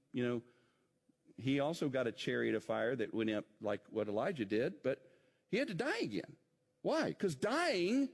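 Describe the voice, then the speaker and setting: A male pastor preaching a sermon to his congregation, talking it through conversationally and asking them rhetorical questions. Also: a little high. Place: church sanctuary. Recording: long church reverb.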